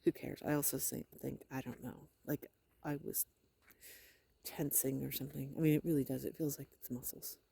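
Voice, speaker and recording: A middle-aged woman with a hoarse, sore throat, talking in a hesitant, rambling video diary with wry, matter-of-fact asides. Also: very deep voice, level tone, moderate pace, mellow, slight background noise. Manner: hesitant, rambling, many fillers. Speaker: vlogger. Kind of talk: casual personal video diary.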